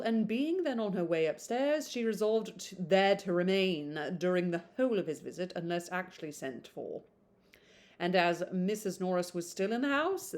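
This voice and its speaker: A woman's voice: fairly low pitch, darkish tone. A woman reading a classic novel aloud, often breaking off to chat and laugh about it. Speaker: book reader.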